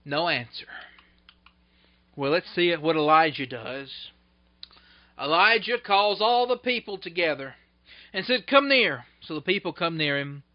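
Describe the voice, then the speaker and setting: A male preacher giving a sermon, retelling scripture in an animated way that swings between loud bursts and hushed asides. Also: fairly high pitch, unhurried, pauses often. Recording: dull lo-fi recording.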